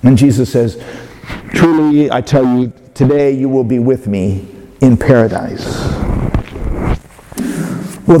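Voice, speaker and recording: A man giving a sermon as a pastor, speaking in a measured way with hesitant fillers and restarts. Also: medium pitch, warm tone. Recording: long hall reverb.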